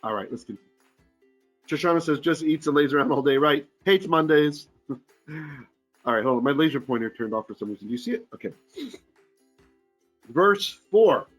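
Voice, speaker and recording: A man, a rabbi, teaching a Torah portion in an informal online class. He chants Hebrew verses, translates them in casual, joking talk, and often clears his throat. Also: fairly high pitch, lively intonation, moderate pace, long pauses, faint music behind.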